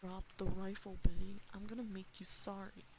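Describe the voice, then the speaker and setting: Out of a steady hiss comes a menacing camp boss, cold and threatening, played by a woman in a whispered role-play. The voice has a gravelly edge and sits at a middle pitch. It is close on a binaural mic. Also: normal speed, lightly acted, poor audio. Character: menacing adult male camp director. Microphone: binaural ASMR mic.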